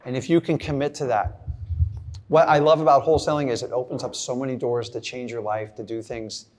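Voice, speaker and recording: A man's voice: mid-range voice, steady tone, brisk. A middle-aged man giving a blunt, casual motivational talk to a live audience, acting out little scenes. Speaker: real estate investor speaking to an audience.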